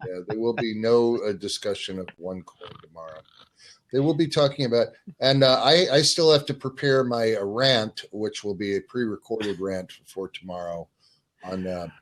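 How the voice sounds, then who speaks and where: A man chatting casually on a live show, halting with many fillers. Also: on the low side. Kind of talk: casual chat.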